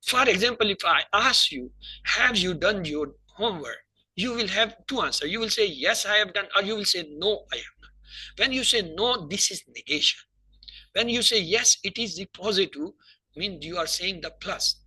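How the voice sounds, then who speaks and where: A man teaching Arabic verb conjugation in an online class, explaining slowly and repeating verb forms in lists. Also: high-pitched, lively intonation, sharp tone, breathy edge, rough recording.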